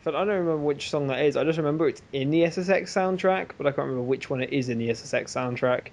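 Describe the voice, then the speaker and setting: A man hosting a casual group podcast, rambling and joking between quick asides. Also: on the high side, gravelly, a little mellow. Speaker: podcast host.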